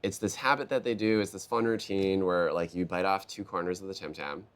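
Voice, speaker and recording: Deep-voiced man telling lively stories. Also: brisk. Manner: animated storyteller, acts out quotes in a raised voice. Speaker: keynote speaker. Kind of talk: conversational interview. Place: live event booth.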